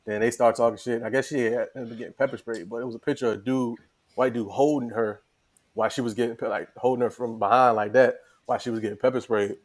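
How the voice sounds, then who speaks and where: A man's voice: mid-range voice, steady tone, fast talker. A man co-hosting a casual podcast chat, talking in a laid-back, slangy, rambling way. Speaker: podcast co-host.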